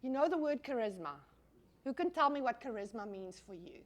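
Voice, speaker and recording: High-voiced, animated woman lecturer. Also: a little fast. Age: middle-aged. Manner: animated, swears casually, asks the audience questions. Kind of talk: lively classroom lecture.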